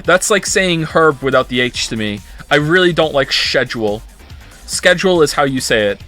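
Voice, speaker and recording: A man's voice: a little high, expressive, normal speed, pushed and bright, faint music behind. A British man streaming live, reading an article aloud and stopping to comment on it and try out the words. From Britain. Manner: reads aloud and breaks off to comment, tries out pronunciations. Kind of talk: casual livestream chat, reading an article aloud.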